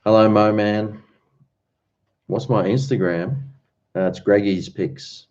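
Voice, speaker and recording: A man with a low, mellow voice chats loosely with his livestream audience and reads their comments aloud. His talk wanders from topic to topic. The audio is dull and lo-fi. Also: fairly even intonation, slow. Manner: chatty, rambling, answers chat comments. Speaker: livestream host. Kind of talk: casual chat with viewers.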